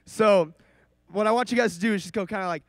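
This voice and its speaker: A man's voice: high-pitched, fast. A man leading an audience at a convention panel in a large hall, playful and coaxing. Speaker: panel host leading the crowd. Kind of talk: live crowd direction at a convention panel.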